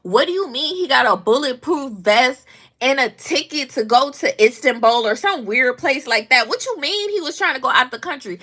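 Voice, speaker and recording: A woman's voice: high voice, animated, normal speed, sharp tone. A young adult woman vlogging, telling casual stories about the news in a blunt, slangy, profane way. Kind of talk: casual storytelling commentary.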